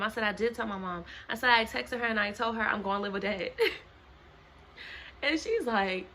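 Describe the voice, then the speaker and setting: A young woman with a bright, slightly high voice tells a personal story to camera at home. She is animated and dramatic, acting out everyone's lines, with faint room noise behind her. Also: fairly quick. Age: young adult. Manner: animated, dramatic retelling that acts out other people's lines. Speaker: vlogger.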